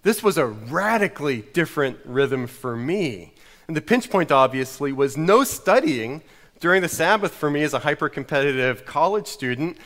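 A man's voice: fairly high pitch, expressive, normal speed, fairly bright tone, in a large hall. A middle-aged American man preaching a sermon, telling a story in a wry, self-mocking way. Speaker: pastor.

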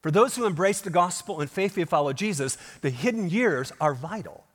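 A man's voice: high-pitched, lively intonation, brisk. A male pastor delivering a sermon in a church, emphatic and full of rhetorical questions. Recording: long hall reverb.

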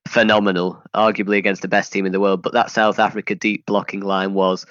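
A man's voice: low-pitched, little pitch movement, fairly quick, fairly bright tone, dry recording, muffled recording. A man hosting a podcast in casual chat, rambling with frequent restarts. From England. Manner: chatty, rambling with many restarts. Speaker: podcast host.

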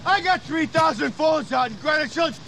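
An actor playing a gruff man posing as a street worker, with a put-on New York accent and a brash, blustering manner, over traffic. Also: very high-pitched, animated, moderate pace, exaggerated voice. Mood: indignant. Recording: loud street and traffic noise.

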